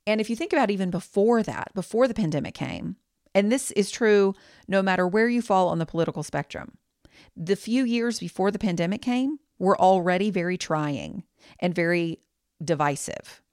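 A woman's voice: mid-range voice, animated, normal speed, darkish tone, no room sound, clean studio sound. A woman hosting her own podcast, giving a candid, reassuring pep talk. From United States. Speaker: podcast host.

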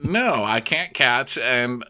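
A man co-hosting a casual comedy recap, animated and dramatic, acting out other people in squealing voices. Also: mid-range voice, slow pace. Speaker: podcast co-host.

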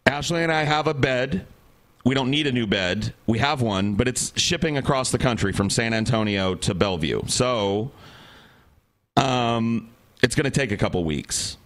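A man's voice: medium pitch, expressive, normal speed, a bit bright. A man on a podcast telling a rambling, exasperated story in casual chat, acting out the people he quotes. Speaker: podcast co-host.

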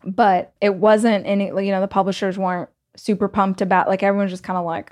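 A woman's voice: medium pitch, fairly quick. Chatty Southern American woman storyteller. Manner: chatty, animated, many "like"s and laughs. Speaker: podcast host and author. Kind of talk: casual storytelling monologue.

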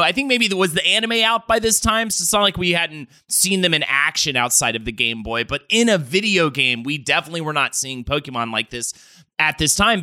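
A male podcast co-host in loose, joking chat. His voice is very bright and sharp, a bit high, recorded dry and close. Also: no echo. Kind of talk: casual chat.

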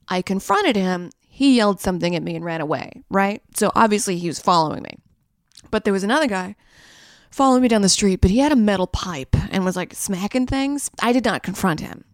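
A woman's voice: medium pitch, dry recording, clean studio sound. A young woman hosting a podcast, riffing through a crude, rambling comedic monologue. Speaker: podcast host.

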